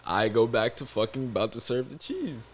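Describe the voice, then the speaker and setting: A man's voice: medium pitch, animated, normal speed. A young man co-hosting a podcast, telling a story in casual chat, profane and laughing often. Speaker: podcast co-host.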